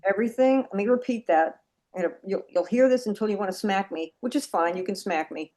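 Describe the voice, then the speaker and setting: A woman's voice: medium pitch, fairly quick, darkish tone. A woman teaching a dog nose work class over a video call, chatty and repeating her points for emphasis.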